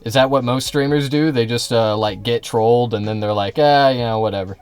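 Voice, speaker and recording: A man's voice: mid-range voice, little pitch movement, normal speed, clean tone, faint music behind. A man streaming live, arguing with his chat in a combative, sarcastic, profane way. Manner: sarcastic, mocking. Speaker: livestreamer.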